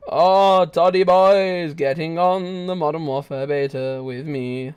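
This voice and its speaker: A young man giving lively, joking live commentary as he streams a shooter game and chats with his viewers. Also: fairly high pitch, takes it slowly, smooth. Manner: excitable, shouts and laughs at the game; joking banter with chat. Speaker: gaming streamer.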